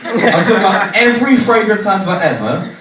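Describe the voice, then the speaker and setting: Young English man doing lively stand-up. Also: high-pitched, a little fast, a crowd in the background. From England. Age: young adult. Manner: self-deprecating, animated storytelling with acted-out voices. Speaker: stand-up comedian. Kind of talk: stand-up comedy set. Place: comedy venue with a laughing audience. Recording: echoey room from far off, noisy.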